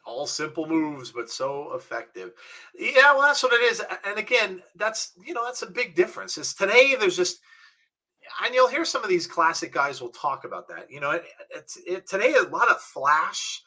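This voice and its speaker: A man co-hosting a wrestling watch-along, calling the action play by play and chatting casually, shouting at the big moments. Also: high-pitched, moderate pace. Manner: excitable, calls the action and shouts at big moves. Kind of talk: live play-by-play and casual chat.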